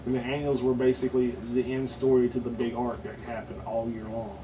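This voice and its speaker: A man's voice: medium pitch, level tone, a little fast, a crowd in the background. A man co-hosting a live unboxing stream, trading easygoing banter and chuckling. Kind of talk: casual chat. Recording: distant mic with faint noise.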